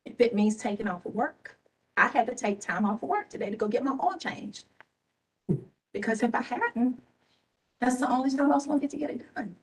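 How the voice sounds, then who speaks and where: A woman's voice: fairly high pitch, animated, brisk, recorded from a distance, low-quality recording. A tired woman, an elections official giving impassioned, repetitive, scolding remarks at a public board meeting. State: tired and emotional. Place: government meeting room.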